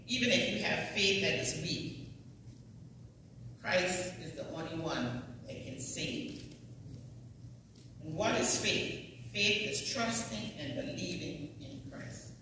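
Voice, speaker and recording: Sunday school teacher, bright voice in echoey hall. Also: female voice, on the low side, slight background noise. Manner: conversational, folksy and emphatic. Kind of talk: church class teaching. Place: church hall. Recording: echoey church hall from far off.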